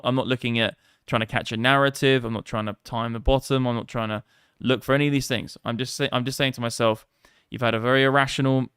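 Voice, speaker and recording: Swearing man with a smooth voice. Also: medium pitch, a bit bright, no echo, clean studio sound. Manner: rambling, profane, casual. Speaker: crypto trading streamer. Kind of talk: live trading commentary.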